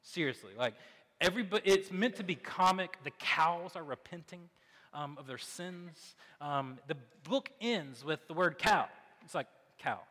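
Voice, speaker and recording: A man in his thirties preaches in a loose, chatty way, stacking asides and fillers as he goes. His voice sits fairly high and sounds bright and forceful. The sound rings out with a long reverb from a large hall. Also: moderate pace. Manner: conversational and animated, with many fillers and asides. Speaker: pastor. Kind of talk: sermon.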